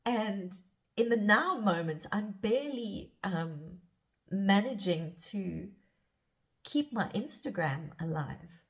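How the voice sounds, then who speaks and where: A woman's voice: mid-range voice, animated, slow. A middle-aged woman speaking as a spiritual guide in a reflective, rambling monologue, often restarting her sentences. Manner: rambling and self-searching, with restarts. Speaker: spiritual guide and podcast host.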